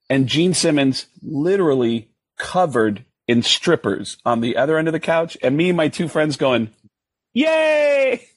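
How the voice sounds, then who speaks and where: A man, a comedian, telling stories in an animated way and jumping high when he quotes himself. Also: dry recording. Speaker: guest comedian. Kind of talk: casual storytelling.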